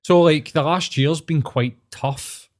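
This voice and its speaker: A man's voice: fairly high pitch, slow, darkish tone. A man with a Glasgow accent spins a long personal story in casual talk. He rambles, swears freely and leans on fillers, as a therapist chatting off duty. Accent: Scottish, Glasgow.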